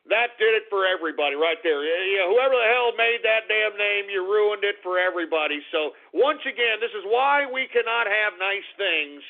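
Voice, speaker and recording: Man, radio host, ranting, profane, angry shouting bursts, high gravelly voice, tinny phone-like sound. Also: expressive, moderate pace, hardly any pauses. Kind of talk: ranting internet radio talk.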